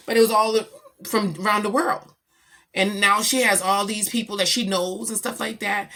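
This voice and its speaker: A middle-aged woman chatting casually about her daughter, animated and slangy as she tells stories. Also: mid-range voice, moderate pace. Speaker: vlogger, mother. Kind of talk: casual chat.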